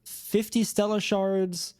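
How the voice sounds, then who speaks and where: A young man co-hosting a casual podcast, rambling and animated as he chats, slipping into mock voices. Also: high voice, slow pace. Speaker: podcast co-host. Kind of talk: casual chat about video games.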